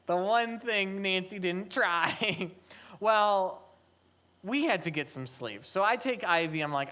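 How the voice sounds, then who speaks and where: A man's voice: high-pitched, expressive, slow pace, bright, forceful tone. A man giving a sermon as pastor, telling a family story conversationally with light humor.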